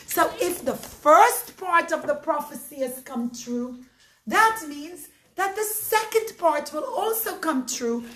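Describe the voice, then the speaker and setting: A woman telling a story to children with expressive, dramatic pacing. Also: very high voice, slow pace. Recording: roomy echo, faint noise.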